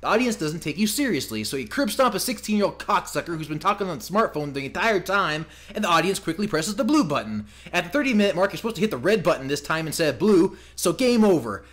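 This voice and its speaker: A man's voice: sits high, very animated, fast talker, hardly any pauses, fairly bright tone. A man co-hosting a casual podcast, reading aloud a crude, escalating comic rant he wrote. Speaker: podcast co-host.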